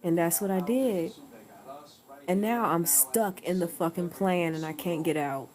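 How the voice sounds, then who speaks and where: A woman's voice: on the low side, a little slow, darkish tone. A woman chatting casually at home on a livestream, rambling and laughing often. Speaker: livestream host.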